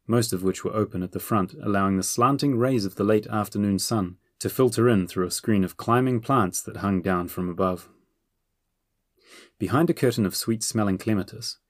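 A man reading a children's fantasy audiobook in a steady, measured way. His voice sits fairly low and the recording is dry and close, with no room sound. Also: dry recording. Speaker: audiobook narrator. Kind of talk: scripted narration.

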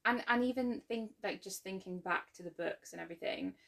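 A woman's voice: medium pitch, a little fast, vocal fry, fairly bright tone, slight background noise. A young woman co-hosting a podcast in casual chat, talking freely with frequent laughs and fillers. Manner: chatty, laughs often, many fillers. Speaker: podcast co-host.

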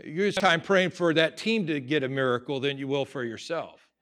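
A man preaching a sermon, conversational at times and rising to loud, emphatic stretches. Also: a little high, expressive, moderate pace. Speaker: pastor.

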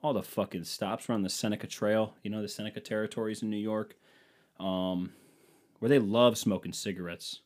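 A man's voice: on the low side, fairly even intonation, moderate pace, a little mellow. Rambling, profane young American guy. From United States. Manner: rambling, profane, jokey, acts out quoted exchanges. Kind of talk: casual storytelling monologue.

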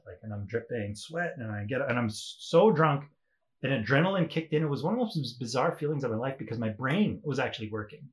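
Young man guest, loose and lively, drops curses, laughs through his own anecdotes, mid-range voice. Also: medium pitch, normal speed. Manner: animated storyteller, swears freely, laughs often. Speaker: podcast guest. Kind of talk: casual storytelling chat.

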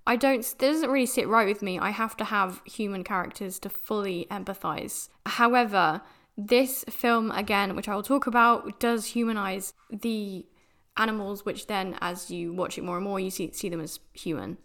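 A woman's voice: mid-range voice, moderate pace, a bit bright. A young British woman from the UK hosting a podcast, talking casually about a film in a chatty, rambling way. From United Kingdom. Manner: chatty and rambling, with many restarts and fillers. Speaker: podcast host.

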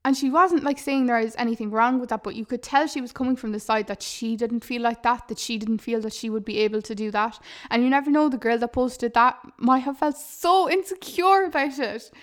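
A woman's voice: fairly high pitch, a little fast, few pauses. A woman, chatting earnestly on her podcast, laughing often and calling her listeners "lads". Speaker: podcast host and YouTuber. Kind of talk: casual podcast chat.

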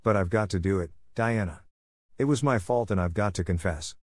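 A man's voice: sits low, brisk, no echo, clean studio sound. A man voicing an eager, dramatic young girl who talks in an earnest, impulsive, pleading way.

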